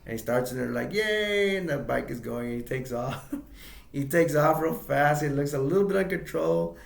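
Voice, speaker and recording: In a steady, gravelly, mid-range voice, a man casually retells a movie plot as an amateur reviewer, rambling and halting, with lots of "like" and frequent chuckles. He's recorded in an echoey room.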